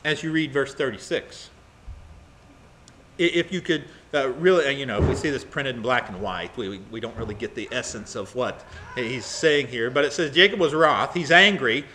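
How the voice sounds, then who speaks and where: Male Bible teacher, halting delivery full of fillers, bright and forceful tone. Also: medium pitch, a little hiss or hum. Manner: halting with many fillers, dramatizes readings.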